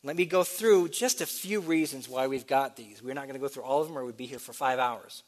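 Pastor type, man, mid-pitched, steady teaching delivery that spells things out and asks then answers. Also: fairly quick. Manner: explanatory, spells out letters, asks and answers questions. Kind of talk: sermon teaching.

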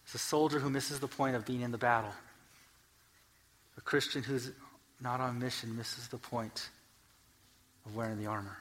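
A man preaching a sermon in a church, swinging between soft, earnest explanation and loud, emphatic peaks as he reads scripture, with joking asides. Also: medium pitch, fairly even intonation, moderate pace, pauses often. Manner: builds scripture lists to loud, emphatic climaxes. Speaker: pastor. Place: church sanctuary.

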